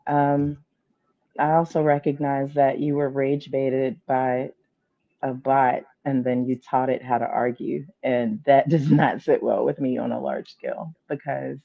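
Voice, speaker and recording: A woman guest on a casual panel chat, speaking in a measured, thoughtful way with dry humor. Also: a bass voice, flat delivery, vocal fry, narrow, tinny audio.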